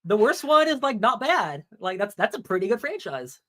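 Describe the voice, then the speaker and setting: A playful podcast co-host in a casual chat, their voice swinging up and down a lot. They joke and riff with an animated, bouncy delivery. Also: medium pitch, normal speed.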